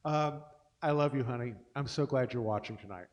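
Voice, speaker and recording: A man's voice: medium pitch, brisk. A middle-aged man hosting a casual livestream, chatting between songs in a rambling, self-deprecating way. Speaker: host and singer-pianist.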